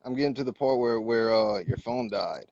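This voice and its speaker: A man's voice: medium pitch, moderate pace, vocal fry, a little mellow, no room sound, muffled recording. A man interviewing casually, reading out questions in a laid-back way.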